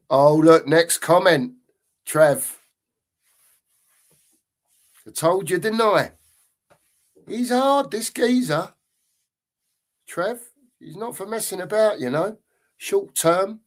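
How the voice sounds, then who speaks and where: A man hosting a casual livestream, reading out viewer comments and bantering with them by name. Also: fairly high pitch. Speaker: host.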